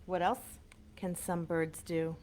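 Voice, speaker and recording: A woman librarian reading a picture book aloud to small children, animated and coaxing, asking them questions, recorded on a webcam. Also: lowish voice, slow pace, slight background noise. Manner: animated, sing-song, coaxing questions to kids.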